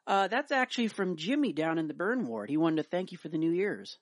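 A man's voice: high voice, big pitch swings, brisk, dry recording, voice pushed up. A man putting on a chirpy female nurse. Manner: breezy storytelling delivery of a joke. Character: chatty cheerful female hospital nurse.

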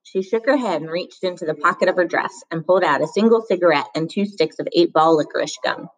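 A woman narrating a children's novel in a calm, even reading voice. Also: lowish voice, fast, rough recording. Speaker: audiobook reader. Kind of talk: storybook narration.

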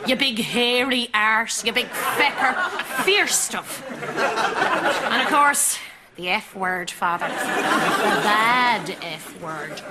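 An actress playing a prim, scandalised older Irish housekeeper who gossips in an Irish accent and relishes repeating swear words. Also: female voice, on the high side, lively intonation, drawn-out words, a loud crowd. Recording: clip with loud audience laughter and noise.

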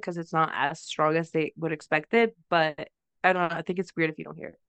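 A young woman from Mexico with a faint Mexican accent, chatting on a podcast with a bright, crisp voice. She swears freely and laughs often through her stories, and the recording is dry and close. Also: low voice, flat delivery, a little fast, no echo. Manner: laughing, profane storytelling. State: sick. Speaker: podcast co-host. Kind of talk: casual chat.

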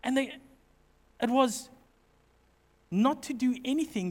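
High-voiced joking preacher in a reverberant hall. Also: male voice, takes it slowly, long pauses. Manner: humorous, animated storytelling. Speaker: pastor. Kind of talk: sermon with personal stories.

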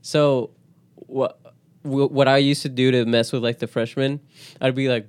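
A man's voice: mid-range voice, normal speed. Laughing male podcast co-host telling stories. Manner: animated storyteller, slips into impressions, laughs often. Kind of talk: casual chat.

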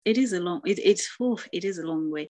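A woman from Congo talks about books in a relaxed conversation. Her voice sits slightly low, and she sounds thoughtful and earnest, often circling back and restarting her phrases as she works out what she means. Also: fairly quick. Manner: reflective, earnest, with many restarts. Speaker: guest.

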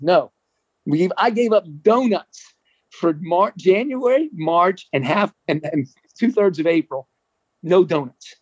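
A middle-aged man from New Jersey, a former marathon runner, telling a story in a chatty, animated way. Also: on the high side, no room sound, rough recording. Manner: animated, chatty, frequent restarts and laughs. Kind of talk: casual storytelling.

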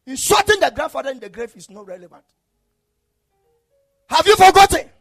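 Impassioned high-voiced male preacher. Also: lively intonation, a little fast, soft background music. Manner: impassioned, swings from shouting to low murmurs. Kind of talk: sermon.

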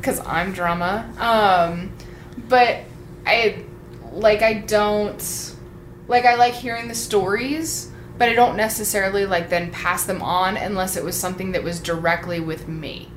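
A woman's voice: medium pitch, fairly even intonation, unhurried. A woman in casual chat, talking freely with swearing and acting out quoted lines. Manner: chatty, swearing, acts out quotes. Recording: echoey room, faint noise.

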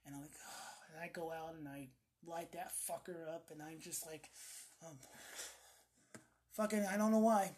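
A woman with a raspy voice chatting casually, telling a rambling, profanity-laced story about quitting smoking and acting out what she said back then. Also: low voice, steady tone, normal speed, a little mellow. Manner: profane, rambling storyteller acting out her own past outbursts. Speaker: ex-smoker sharing her story. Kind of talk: casual chat.

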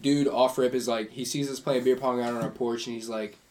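A man's voice: mid-range voice, steady tone, fairly quick, darkish tone. A young man co-hosting a podcast, chatting in a slangy, profane, filler-heavy way. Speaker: podcast co-host. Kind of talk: casual storytelling chat.

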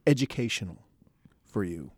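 Animated male podcast host. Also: on the low side, normal speed, husky, no room sound. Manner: animated storyteller, playful. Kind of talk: casual chat. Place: podcast recording space.

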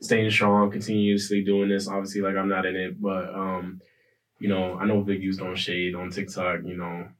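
A man's voice: low voice, completely flat delivery, normal speed, far from the mic, rough recording. A man on a podcast as a returning guest, stuffy from allergies, rambling with many fillers and swearing. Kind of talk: casual podcast chat. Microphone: podcast mic, moving away often. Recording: faint noise, drifting off mic.

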